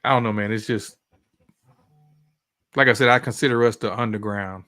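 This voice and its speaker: A man's voice: fairly low pitch, steady tone, moderate pace, bright, forceful tone, dry recording. A man talking as a guest in a casual chat, rambling with lots of fillers. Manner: rambling, many fillers and restarts. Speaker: guest, sneaker collector.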